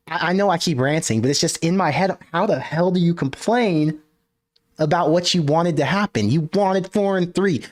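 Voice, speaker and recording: A man hosting a solo sports livestream from his desk, ranting in an animated, casual way with some swearing. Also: a little high. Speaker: sports podcast host. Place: home desk.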